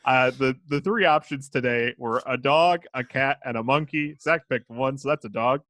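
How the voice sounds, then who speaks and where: A man's voice: mid-range voice, moderate pace, a bit bright, dry recording. A man co-hosting a casual podcast, goofy and playful, joking between topics. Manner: goofy, playful, sings and barks. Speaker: podcast co-host. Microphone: podcast mic.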